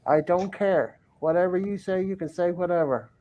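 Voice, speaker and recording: A man's voice: high voice, moderate pace, dull audio. A man hosting a casual group video chat, refusing things bluntly and emphatically. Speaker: live chat host.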